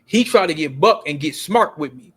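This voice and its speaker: A man's voice: on the high side, expressive, moderate pace, fairly bright tone, husky. A man telling stories in a casual, emphatic rant, full of street slang and repeated words. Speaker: video commentator.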